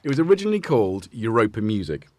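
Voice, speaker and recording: A man's voice: on the low side, big pitch swings, very fast, darkish tone, no room sound. A man hosting a livestream, chatting casually and rambling with frequent laughs. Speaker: livestream host.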